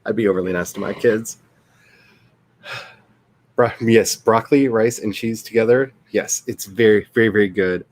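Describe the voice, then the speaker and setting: A man's voice: on the low side, fairly even intonation, moderate pace, pauses often. A man, chatting casually and rambling on a livestream. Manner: rambling and chatty, laughing often. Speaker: author and streamer.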